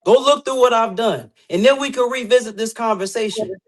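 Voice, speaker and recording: A man's voice: very high voice, a little fast. A man in casual podcast banter, boasting and trash-talking a rival. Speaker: guest competitor.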